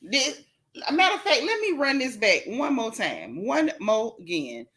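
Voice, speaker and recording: Sassy bright-voiced woman dishing gossip. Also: a little high, sing-song, moderate pace. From Central Florida. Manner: sassy, blunt, talks straight to the chat and greets viewers by name. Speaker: livestream gossip host. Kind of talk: casual gossip commentary on a live stream.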